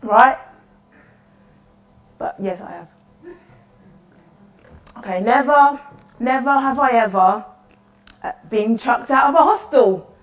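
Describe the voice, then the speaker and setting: Speaking slowly with long pauses and lively intonation, a woman on the high side performs a rambling, apologetic monologue as a lonely, chatty woman at the end of the world in solo interactive theatre. Her manner is nervously cheerful. The audio is dull, captured far off in an echoey room.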